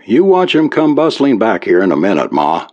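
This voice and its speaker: A man's voice: lowish voice, wildly swooping pitch, normal speed, a little mellow, pitched above the performer's own voice. A man voicing a weary, sarcastic farmer in a read-aloud story, in a dry, plainspoken way. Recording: dull lo-fi recording.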